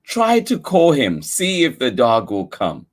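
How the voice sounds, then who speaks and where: A calm, patient mother from a read-aloud picture book, put on by a man. She speaks slowly and reasonably in a lightly raised voice. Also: medium pitch.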